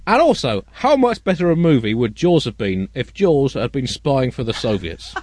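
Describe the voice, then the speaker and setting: A man's voice: mid-range voice, sing-song, moderate pace, noisy background. A man co-hosting a comedic news podcast, riffing in rambling, absurd tangents. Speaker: co-host.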